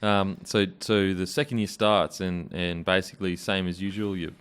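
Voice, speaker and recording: A man hosting a casual interview, asking relaxed, unhurried questions. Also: low-pitched, clear, resonant tone. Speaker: podcast host.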